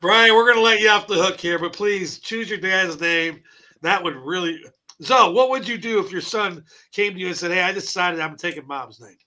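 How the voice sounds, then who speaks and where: A man's voice: sits high, normal speed, bright, forceful tone. A man hosting a casual call-in talk show in a brash, laughing, swearing way. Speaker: show host. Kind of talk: casual chat.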